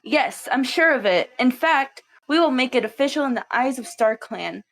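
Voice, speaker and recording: A woman voicing a calm, authoritative female clan leader cat in a fan-made cat movie, measured and commanding. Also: high voice.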